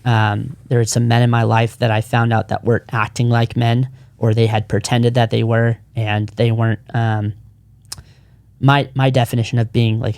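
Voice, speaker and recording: A man's voice: mid-range voice, creaky, a little mellow, no echo. A man in his thirties, a podcast co-founder, telling his personal story in casual chat, earnest and rambling with frequent restarts.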